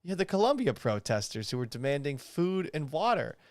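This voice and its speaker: A young man hosts a casual commentary podcast, reading items aloud and mocking them with sarcastic, profane disbelief. He's very animated and fairly quick, his pitch jumping up when he gets exasperated. The studio sound is clean, with no room sound.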